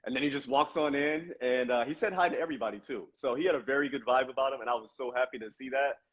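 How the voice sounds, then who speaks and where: A man's voice: mid-range voice, fast talker. A man guest on a casual interview podcast, a voice actor telling chatty anecdotes with plenty of uh and man.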